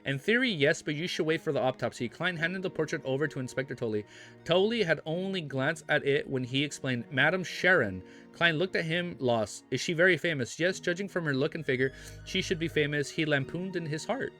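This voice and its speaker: A young American man with a bright, slightly high voice reads a web novel aloud for his stream. He trips over names and breaks off to thank viewers with plenty of dude and bro. Soft music plays faintly under him. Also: fairly quick. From United States. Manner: chatty, stumbles over words, says dude and bro. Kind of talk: casual reaction stream, reading aloud.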